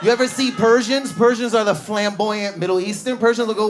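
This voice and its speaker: Canadian male stand-up, high voice, animated storyteller, loud laughing club crowd; live stage mic. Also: a little fast, over music. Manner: animated storytelling, shouting put-on voices of other people. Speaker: stand-up comedian. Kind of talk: stand-up routine. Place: comedy club stage before a live audience. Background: audience laughter.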